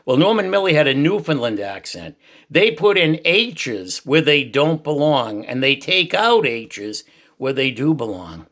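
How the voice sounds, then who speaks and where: An older man with a Boston accent and a loud, booming voice, giving an earnest personal testimony about faith. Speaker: Christian YouTuber sharing church reflections.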